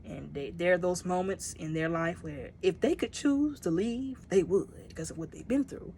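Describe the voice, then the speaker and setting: Woman vlogger reviewing a film, low voice, animated, acts out the characters' lines. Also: moderate pace, slight background noise. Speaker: movie reviewer. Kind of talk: casual spoken movie review.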